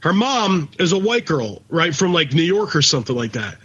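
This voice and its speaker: A man's voice: on the high side, very animated, moderate pace, a bit bright, husky. A man co-hosting a casual podcast, talking in a blunt, profane rant. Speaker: podcast co-host. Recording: dull lo-fi recording.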